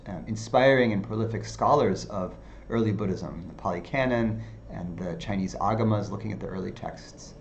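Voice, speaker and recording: Guy teaching meditation, kinda low voice, slow with lots of uhs, muffled lo-fi recording. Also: slight background noise. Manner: unhurried, many fillers, repeats phrases softly. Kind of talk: dharma talk.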